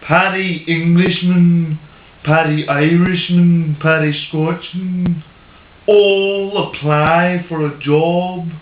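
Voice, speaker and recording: A man telling a long joke slowly and deliberately. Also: a little high, fairly even intonation, reverberant, highs cut off. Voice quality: slow, drawn-out delivery. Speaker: joke teller.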